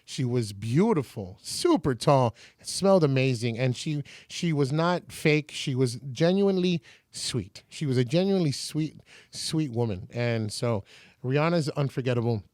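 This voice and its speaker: A man's voice: mid-range voice, animated, a little slow, darkish tone, no echo, clean studio sound. A man in his forties from San Antonio, a radio personality telling stories as a podcast guest and acting out other people's lines. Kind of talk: casual storytelling.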